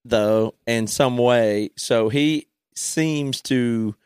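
A man's voice: medium pitch, extremely slow, darkish tone, clean tone, no echo, studio quality. A man chatting casually, rambling through his thoughts with hesitations. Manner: hesitant, rambling with restarts and fillers. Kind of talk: casual chat.

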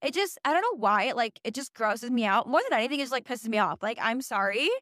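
A woman's voice: on the high side, expressive, fast talker, a bit bright, no room sound, studio quality. A young woman from Utah chatting casually to camera, sarcastic and full of "like" asides and swearing. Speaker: vlogger. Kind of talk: casual chat.

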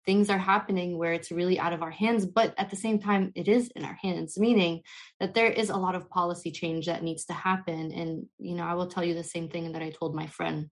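A young woman with a notably low voice talks as a podcast guest. Her speech is passionate and flowing, full of heartfelt spiritual conviction. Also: fairly even intonation, fairly quick.

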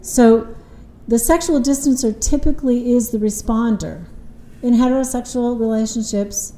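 A woman's voice: fairly high pitch, normal speed, dark tone, reverberant, rough recording. A woman couples therapist explaining relationship patterns in an earnest, conversational way, often retelling what her clients said.

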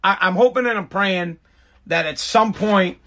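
A man's voice: high-pitched, a little slow, fairly bright tone. A man in his forties, a podcast host, ranting crudely and jokingly in a rambling way, with stammered restarts. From United States. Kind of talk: casual comedic rant.

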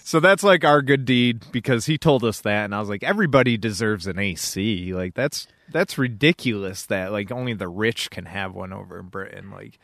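A man's voice: on the low side, moderate pace, vocal fry, few pauses, a bit bright, dry recording, clean studio sound. A young man chatting casually as a podcast co-host, laughing often and swearing freely as he rambles through stories. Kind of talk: casual chat.

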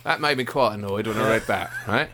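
A man co-hosting a football podcast, talking in an animated, indignant and self-mocking way in casual chat. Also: fairly low pitch, a little fast, a little hiss or hum.

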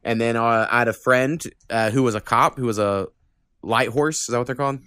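A man's voice: mid-range voice, steady tone, brisk, fairly bright tone, clear, resonant tone, no echo, clean studio sound. A young man hosting a podcast, telling rambling stories in casual chat, swearing a lot and laughing as he goes. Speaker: podcast host.

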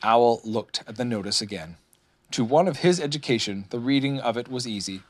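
A man narrating a children's storybook in a lively, expressive way, voicing many characters. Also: medium pitch, brisk. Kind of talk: storybook reading.

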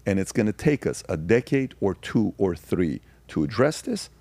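A man with a low, slightly husky voice talks as a podcast guest in an emphatic, conversational way. He drives his points home with force and slips into the voices of people in his stories. The studio mic sounds close and dry, with no room around it. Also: big pitch swings, moderate pace, warm tone, no echo. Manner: emphatic, acts out quoted dialogue in varied voices. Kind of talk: animated conversational storytelling.

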